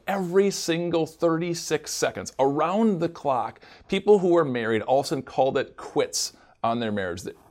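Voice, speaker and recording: A man hosting a Christian program, earnestly reading statistics and introducing a sermon. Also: medium pitch. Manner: earnest, emphatic, listing statistics. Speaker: program host.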